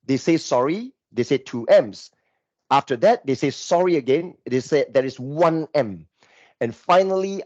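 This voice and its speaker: A male course instructor giving a live screen demo, talking in an animated, exasperated way and repeating himself. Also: fairly high pitch, no echo. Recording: dull lo-fi microphone, dry.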